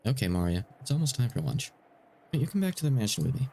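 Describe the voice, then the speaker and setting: A man's voice: medium pitch, very animated, fast talker, warm tone, slight background noise, voice pushed up. A man voicing an anxious, guilt-ridden mother in a game read-aloud, pleading and apologetic. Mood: coaxing.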